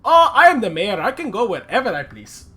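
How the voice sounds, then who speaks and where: A pompous old elephant-folk mayor from a tabletop fantasy game, as a man puts him on. His high voice is bright and bouncy, and he sounds breezy and self-important, as if he can go wherever he pleases. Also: very animated, fairly quick, slight background noise, heavily acted. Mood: jovial. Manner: chatty, self-important, jovial.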